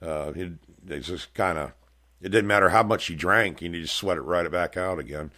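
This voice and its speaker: Middle-aged male host, very low voice, folksy rambling storyteller, casual show chat. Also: normal speed, pushed and bright. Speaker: podcast host. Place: house room with bare walls.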